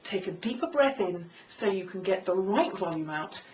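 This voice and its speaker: A woman's voice: lively intonation, slight background noise. Woman coaching, slightly distant mic. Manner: clear, measured, demonstrates pitch by singing. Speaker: speaking coach. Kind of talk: instructional talk to camera. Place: room with a piano.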